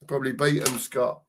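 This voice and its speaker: Slow-talking man co-hosting a watchalong. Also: medium pitch, slight background noise. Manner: banter-filled, drawn-out emphasis on goal calls. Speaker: co-host of a live football watchalong. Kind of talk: casual live commentary and reading chat messages.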